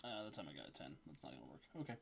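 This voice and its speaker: A man running a tabletop game as game master, narrating dice rolls in a brisk, matter-of-fact way. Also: very deep voice, big pitch swings, creaky, heavy background noise.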